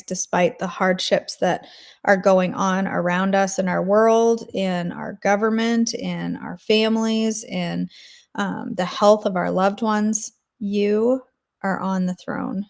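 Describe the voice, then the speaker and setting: A woman hosting a daily devotional leads an earnest, intercessory spoken prayer with repetitive phrasing, then chats casually with her listeners. Her voice is mid-range, creaky and a little mellow.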